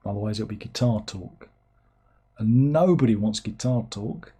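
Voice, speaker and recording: A man's voice: fairly low pitch, unhurried, warm tone, husky. A middle-aged man, hosting a livestream in casual chat. He rambles and mocks himself as he reads out viewers' comments. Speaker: livestream host.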